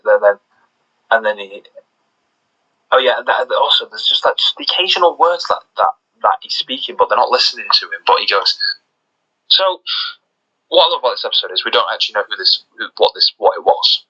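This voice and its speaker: A man co-hosting a podcast in casual chat, talking excitedly with lots of restarts. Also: mid-range voice, breathy edge, lo-fi sound. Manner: excited, rambling with many restarts. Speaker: podcast co-host.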